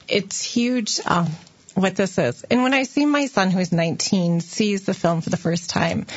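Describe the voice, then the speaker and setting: A woman's voice: medium pitch, slightly rough, no echo, lo-fi sound. A woman sharing heartfelt thoughts about faith and family as a guest. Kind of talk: casual faith talk.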